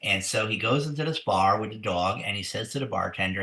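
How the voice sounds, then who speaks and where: A man's voice: lowish voice, a little fast, few pauses, sharp tone. A man educator hosting a webinar, telling a joke in a folksy, rambling way with restarts. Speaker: museum educator. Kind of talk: webinar presentation. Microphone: webinar computer mic. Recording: echoey room.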